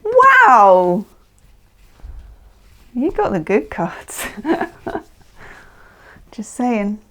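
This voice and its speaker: A chatty woman reads tarot cards in a casual monologue. Her voice sits at an ordinary pitch. She talks emphatically and keeps checking in with the listener. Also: gravelly, darkish tone. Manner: chatty, emphatic, often adds "okay?". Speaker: tarot reader.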